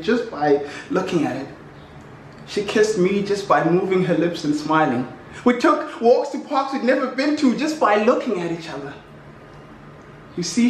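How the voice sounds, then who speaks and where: A young South African man performing spoken-word poetry in an office, with a rhythmic, impassioned recitation built on repeated refrains. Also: high voice. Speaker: poet. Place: office room. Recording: very echoey room, mic far off, faint noise.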